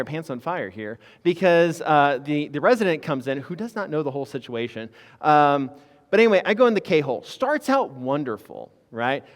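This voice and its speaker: A man recounts a story with a lively, rising and falling voice that sits a little high for a man. He talks candidly and casually, with fillers and the odd curse. The sound has a long reverb tail. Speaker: physician assistant guest.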